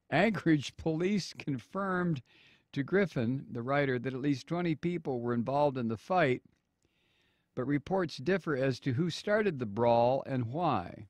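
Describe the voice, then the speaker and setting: A man hosting political talk radio, reading a news story slowly with many fillers and sarcastic asides. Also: medium pitch, expressive, dry recording, clean studio sound. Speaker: radio talk show host.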